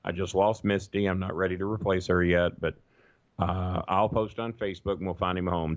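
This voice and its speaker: On a podcast, a middle-aged male guest with a deep voice and fairly even intonation tells rambling, profane stories at a brisk clip, performing the voices of the people he quotes. The casual chat is captured in a dull, dry, lo-fi recording.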